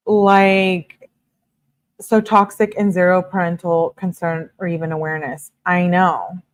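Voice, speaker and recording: Woman host, slightly low voice, reads messages aloud and answers viewer chat. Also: fairly even intonation, takes it slowly, pauses often. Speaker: channel host. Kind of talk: reading text messages aloud with commentary.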